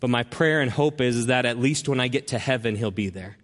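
A man of ordinary pitch preaches from a large hall, his words trailing off in long reverb. He tells his story earnestly and slows down to lean on the words that matter. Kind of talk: sermon storytelling.

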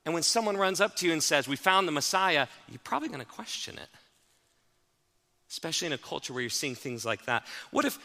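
Male pastor, bright-toned, preaching in a reverberant hall; shifts between quiet emphasis and loud rapid bursts. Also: a little high. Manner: swings from hushed, slow emphasis to loud, fast, animated asides. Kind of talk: sermon.

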